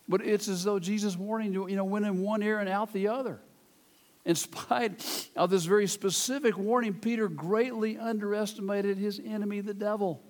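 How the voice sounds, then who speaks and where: A pastor with a Southern American accent preaching a sermon in an earnest way and reading scripture dramatically. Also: male voice, sits high, a little mellow, long reverb tail. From Southern United States.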